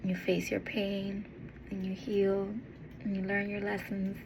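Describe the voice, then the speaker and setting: A woman giving a heartfelt, encouraging monologue as a vlogger, earnest and tender, with pauses and restarts. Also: medium pitch, monotone, noisy background. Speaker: motivational vlogger.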